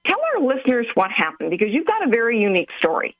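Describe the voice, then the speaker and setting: A woman's voice: a little high, huge pitch swings, quick pace, no echo, muffled recording. A woman co-hosting a radio interview show, upbeat and chatty as she introduces and questions her guests. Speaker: radio co-host.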